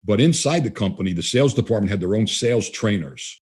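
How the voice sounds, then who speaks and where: A man's voice: on the low side, expressive, fast, a little mellow, breathy edge. An older man, a guest trainer, talking casually in an interview and acting out the dialogue he quotes in his stories. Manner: conversational, acts out quoted dialogue.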